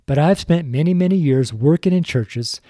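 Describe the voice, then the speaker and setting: A man's voice: fairly high pitch, moderate pace, mellow, no room sound, studio quality. An older man, a longtime street preacher, giving a sermon into a microphone, stumbling over his words and chuckling at himself. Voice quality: stumbling, self-deprecating, chuckling often. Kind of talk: recorded sermon show. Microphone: studio microphone.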